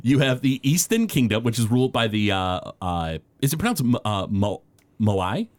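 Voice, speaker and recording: A man chatting casually as a podcast co-host, his pitch rising and falling with lively, animated swings. He rambles through loose sentences full of fillers and restarts. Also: moderate pace. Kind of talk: casual chat.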